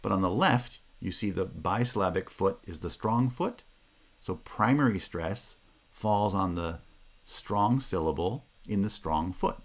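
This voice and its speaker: A man with a very low voice lectures step by step through his slides. He speaks patiently and methodically, repeats key terms and now and then asks "Right?" to check that students are following. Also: animated, unhurried. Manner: occasional filler "uh" and checking "Right?". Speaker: linguistics lecturer. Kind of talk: recorded lecture explaining slides.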